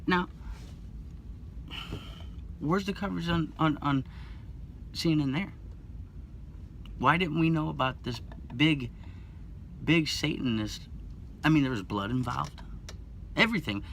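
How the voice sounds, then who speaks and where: A man's voice: mid-range voice, fairly bright tone, a little hiss or hum. A man hosting his own online channel, delivering an agitated, rambling monologue with many restarts and repetitions. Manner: agitated, rambling, repeats himself. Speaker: YouTube channel host. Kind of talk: impassioned conspiracy monologue.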